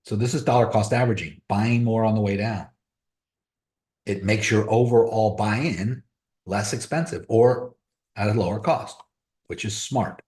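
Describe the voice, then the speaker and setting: A man's voice: lowish voice, a little slow, darkish tone, reverberant. A man hosting a crypto trading webinar, giving blunt, motivational advice in casual live-stream talk. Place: room on a video call.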